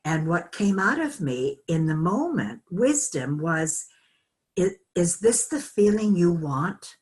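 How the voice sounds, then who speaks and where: An older woman teaching an online course, telling a personal story in a slow, halting, reflective way with many fillers. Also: lowish voice. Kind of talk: personal storytelling in a group call.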